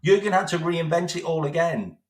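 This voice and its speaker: A man's voice: on the high side, brisk, roomy sound. A man delivering a sarcastic, sweary football rant as a vlog host, repeating his points. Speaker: football fan vlogger. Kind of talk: ranting monologue.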